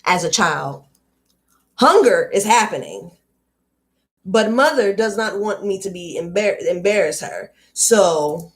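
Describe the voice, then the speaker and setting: A woman's voice: mid-range voice, lively intonation, slow. A woman hosting a live read-aloud stream, reading a book and talking candidly with viewers in a casual, chatty way. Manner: candid and conversational, drifting into riffs and asides to viewers.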